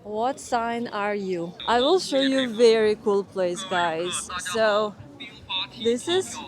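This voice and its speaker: A young woman with a Russian accent, speaking English as a second language, talks slowly in a slightly high voice as she vlogs outdoors. She chats casually, exclaims in wonder and stops to search for English words. Music plays clearly behind her. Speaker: travel vlogger. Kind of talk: casual travel vlog narration. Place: outdoors in a snowy city, in winter. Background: background music.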